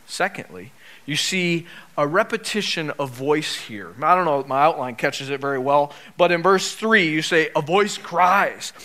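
A man preaching a sermon as pastor, swinging from loud emphasis down to soft near-whispers, with joking asides to the congregation. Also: on the high side, expressive, normal speed. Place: church.

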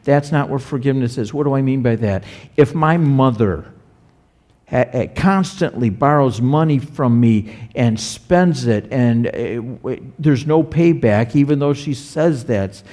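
A man's voice: mid-range voice, a little slow, darkish tone. A man preaching a sermon as a pastor, talking conversationally and putting rhetorical questions to the congregation.

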